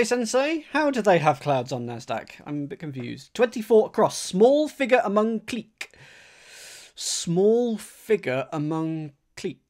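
A man chats casually on a live stream. He mulls things over out loud, repeats phrases to himself and talks straight to his audience in a relaxed, conversational way. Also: a little high. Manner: thinks aloud, rereads clues slowly, chatty with viewers. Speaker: streamer solving a crossword.

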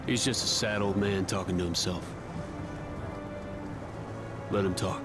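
Brief: a low-voiced, dismissive game officer over loud score. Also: male voice, steady tone, measured pace, over loud music.

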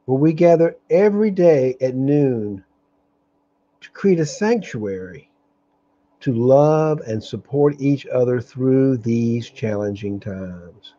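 Over dark, dull webcam sound, a man hosting a daily live meditation stream speaks earnestly at medium pitch with lively intonation. His live-streamed spiritual talk is openly angry and halting, full of restarts.

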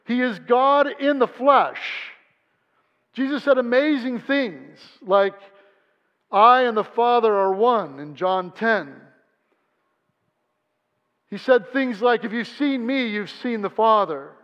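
High-voiced man preaching in a church hall. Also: lively intonation, slow pace, pauses often. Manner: earnest preaching, acts out quoted voices. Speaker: pastor. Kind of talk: sermon. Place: church sanctuary. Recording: dull sound in a reverberant church hall.

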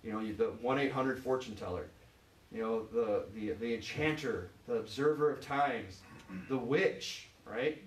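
A man from Michigan preaching an informal sermon as pastor, chatty and full of "you know"s, pausing to ask the congregation questions. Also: mid-range voice. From Michigan, USA. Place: church sanctuary. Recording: echoey church, voice from far off.

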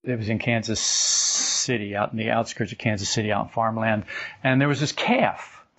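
An older man giving an informal spiritual talk as a teacher, telling stories and acting out quotes with his voice jumping higher. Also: normal speed. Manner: animated storytelling, acts out quotes with rising pitch. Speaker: esoteric teacher. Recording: dull lo-fi recording.

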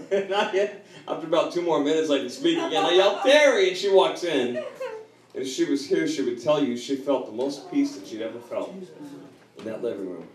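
A man giving an animated spoken testimony, chuckling and expressive as he tells his story to a gathering. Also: medium pitch, brisk, a loud crowd. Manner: chuckling, expressive, often laughing while telling. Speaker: guest speaker giving a testimony. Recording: echoey hall from far off, audience noise.

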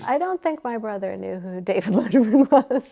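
Middle-aged woman guest from Long Island, gravelly voice, chatty, self-deprecating storyteller. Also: mid-range voice, lively intonation, moderate pace, mellow, a little hiss or hum. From Long Island, New York. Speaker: interview guest. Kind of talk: casual reminiscing interview.

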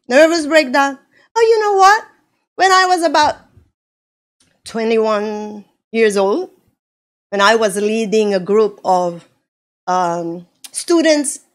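Woman pastor from the Philippines, slightly high voice, slow and animated preaching. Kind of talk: sermon.

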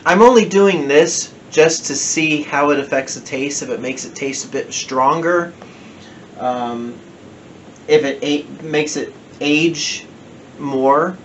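A man's voice: on the high side, slow, slight background noise. A man with a New Jersey accent chatting casually through a home whiskey review, rambling and correcting himself as he goes. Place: home den.

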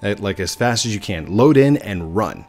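Brief: a low-pitched man chatting loosely through a game session, stumbling over fillers, with faint music behind him. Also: expressive, moderate pace, a little mellow. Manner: rambling, many fillers and restarts. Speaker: gaming video host. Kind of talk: casual gameplay commentary.

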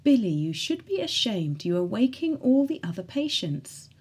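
A woman's voice: medium pitch, very animated, moderate pace, a little mellow, slightly rough. A woman voicing a firm but soothing ward sister.

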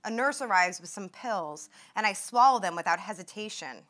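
A young woman reading aloud from her own memoir at a talk, in a measured, vivid way. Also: mid-range voice, lively intonation, pushed and bright. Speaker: author and former patient.

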